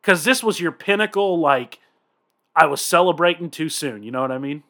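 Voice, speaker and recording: A young man co-hosting a podcast, chatting casually and telling animated, profane stories. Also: on the high side, moderate pace. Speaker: podcast co-host. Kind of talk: casual chat.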